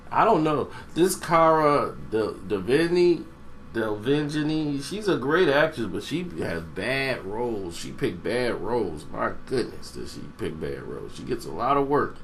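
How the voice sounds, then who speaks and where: A man giving a casual, rambling movie review, meandering and pausing to search for names. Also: mid-range voice, a bit bright, slight background noise.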